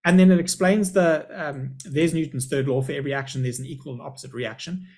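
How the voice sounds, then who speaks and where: A man's voice: fairly high pitch, fairly even intonation, fast, a little mellow. A middle-aged man, a school principal, giving a chatty, upbeat live webinar presentation over a video call.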